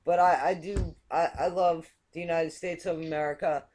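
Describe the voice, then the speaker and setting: A woman's voice: low voice, fairly even intonation, moderate pace, a little mellow. A woman hosting a casual online talk show over a video call, chatty and hesitant, often repeating words. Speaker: host.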